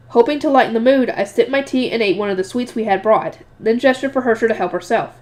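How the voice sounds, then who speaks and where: Woman, fairly high voice, casual reading of a novel, corrects slips. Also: fast talker, few pauses, a little mellow. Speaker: reader.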